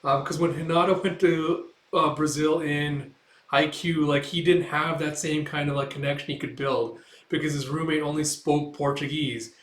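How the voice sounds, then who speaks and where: A young man walks through a manga chapter in casual commentary, rambling and leaning on "like" and "you know". His voice sits a bit high. The room around him is echoey. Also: fairly even intonation, moderate pace, a bit bright. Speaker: manga reviewer.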